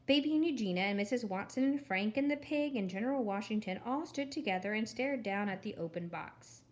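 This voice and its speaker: A woman narrating a children's storybook in an expressive, wry reading voice. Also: medium pitch, fairly quick. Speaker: storybook reader.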